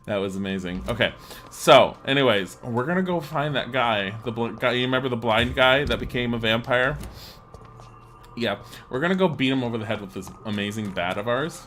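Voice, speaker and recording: A man streams a game from his home setup, talking casually into a desk mic. His mid-pitched voice is bright and forward, rambling between laughs. He swears freely and gets excitable. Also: moderate pace, a little hiss or hum. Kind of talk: casual live-stream chat over gameplay.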